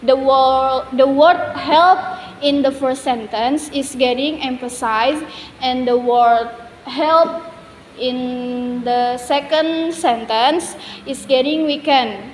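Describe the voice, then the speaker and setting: A young woman student giving a classroom presentation, with a careful, halting delivery and some restarts. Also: high-pitched. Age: young adult. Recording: echoey hall, faint background noise.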